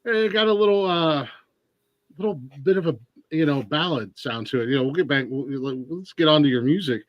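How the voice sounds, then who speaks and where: A man's voice: on the high side, fairly quick, no echo, highs cut off. A man from Ohio hosting a casual podcast interview, rambling with many restarts and fillers. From Ohio, USA. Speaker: podcast host.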